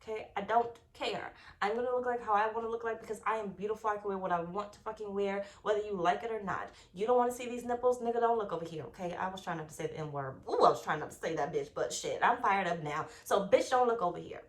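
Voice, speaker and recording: A woman's voice: mid-range voice, fast talker. A young adult woman giving a casual, rambling tarot reading, swearing often and talking with emphatic, fired-up force. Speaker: tarot reader.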